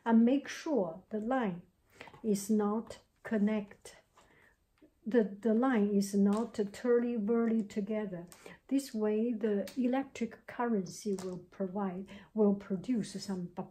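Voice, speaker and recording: A woman giving a soft-spoken ASMR tech tutorial at her home desk, talking haltingly and drifting into whispers, close on a handheld mic. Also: mid-range voice, fairly even intonation. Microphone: close handheld mic with pop cover.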